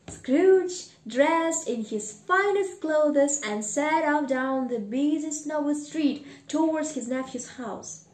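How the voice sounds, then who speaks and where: A woman's voice: sits high, slow, hardly any pauses. A woman reading a storybook aloud expressively, stopping for chatty asides to listeners. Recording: roomy echo.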